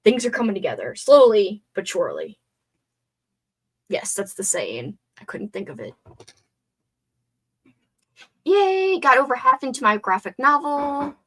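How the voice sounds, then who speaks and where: A woman's voice: a little high, very animated, moderate pace. A young woman hosting a casual livestream, chatting to herself as she crafts and sometimes swearing under her breath. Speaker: livestream host.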